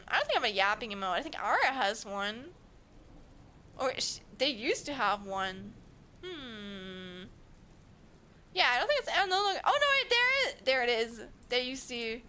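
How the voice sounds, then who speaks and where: A woman's voice: high voice, very animated, a little slow, bright, forceful tone. A young woman from Germany with a German accent, chatting casually with her stream viewers, giggling and rambling with lots of fillers. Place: home streaming setup.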